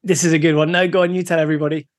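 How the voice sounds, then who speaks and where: Podcast co-host, laid back, laughs a lot, voice on the higher side. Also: male voice, little pitch movement, rapid-fire. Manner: easygoing, laughs often, shares facts. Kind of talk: casual podcast chat.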